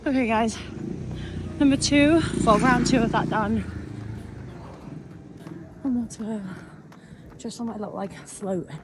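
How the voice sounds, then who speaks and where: Filming a running vlog outdoors, a tired young woman chats to the camera and talks herself through a long run, breathless and exhausted. Her voice is a little high and unhurried, broken by long pauses, and the background is full of outdoor noise.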